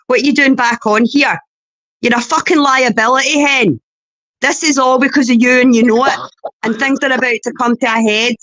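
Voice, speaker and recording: A woman's voice: high voice, steady tone, a little fast, a bit bright, dry recording. A Scottish woman on a livestream panel, talking bluntly and swearing heavily. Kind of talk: heated livestream chat.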